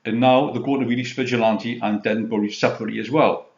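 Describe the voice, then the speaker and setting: A British man in his fifties, a film collector, hosts a casual chat about new film releases in a fast, steady, mid-range voice. He rambles, retells scenes and keeps leaning on "you know." The recording sounds roomy, dull and lo-fi.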